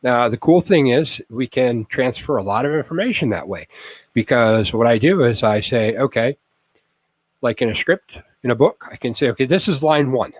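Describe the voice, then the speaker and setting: A man's voice: medium pitch, lively intonation, normal speed, no echo, rough recording. A man teaching networking basics in a loose, rambling way, full of fillers and acted-out everyday analogies. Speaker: instructor. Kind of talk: casual tech lecture.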